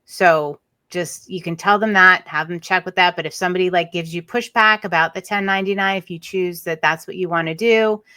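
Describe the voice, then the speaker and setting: A woman's voice: on the low side, fairly even intonation, a little fast, hardly any pauses, sharp tone, no room sound. A woman hosting a podcast, giving practical business advice in a chatty, emphatic way. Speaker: podcast host. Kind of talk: casual advice chat.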